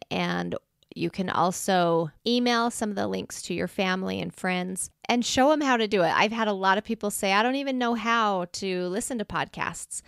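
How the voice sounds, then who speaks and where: A woman's voice: mid-range voice, a bit bright, smooth, dry recording. A woman hosts a faith podcast. Her manner is gushing and tender and edges toward emotion. The sound is close and dry, with no room in it. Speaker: podcast host. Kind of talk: faith podcast outro and interview.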